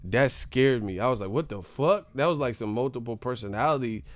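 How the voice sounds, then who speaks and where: A young adult man hosting a boxing live stream, ranting in an animated, profane, rambling way. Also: mid-range voice, fairly quick, dry recording. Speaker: boxing channel host.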